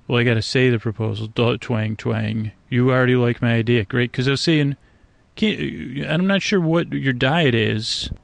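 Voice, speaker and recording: A man with a gravelly, mid-pitched voice muses aloud to the creatures around a night swamp, stumbling through fillers and half-finished thoughts. His talk meanders without hurry, and the sound is close and dry. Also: dry recording. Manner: meandering, hesitant, full of restarts and fillers, talks to frogs. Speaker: sleep podcast host. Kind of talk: rambling improvised monologue to nature.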